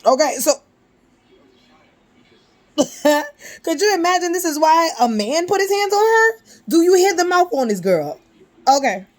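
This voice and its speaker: A woman's voice: very high voice, big pitch swings, measured pace, pauses often. A woman hosting a casual commentary channel, talking back at a clip in a sassy, mocking way.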